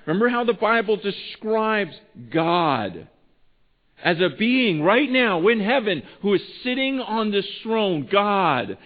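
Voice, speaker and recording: A man preaching a sermon in a conversational way, with restarts, swinging between hushed asides and emphatic lines. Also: sits high, sing-song, takes it slowly. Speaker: pastor. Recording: tinny phone-like sound.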